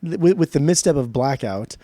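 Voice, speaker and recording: An animated podcast co-host, a man who swears freely and jokes as he talks about records. His voice sits a little high but sounds mellow. The recording is dry and close. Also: fairly quick, no echo. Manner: animated and profane, jokey. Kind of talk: casual music review chat.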